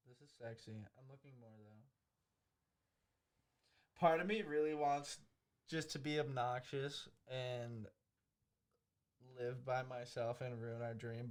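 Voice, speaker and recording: A man co-hosting a podcast in casual chat, offhandedly reading out apartment listings. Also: mid-range voice. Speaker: podcast co-host.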